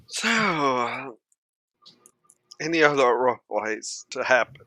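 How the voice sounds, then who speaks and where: A man narrating as game master of a tabletop game, relaxed and chuckling. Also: medium pitch, slow pace, no echo, low-quality recording.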